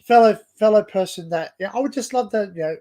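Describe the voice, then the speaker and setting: High-voiced rambling Australian man. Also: fast, warm tone. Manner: rambling, stop-start with many restarts. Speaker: livestream host. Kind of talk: casual livestream chat.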